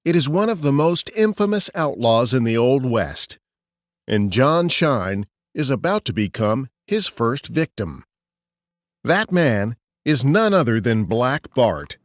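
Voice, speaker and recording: Male narrator, scripted history story, lively pitch, dry close sound, faint music. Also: slow, no echo. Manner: expressive storytelling. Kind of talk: scripted true-crime narration.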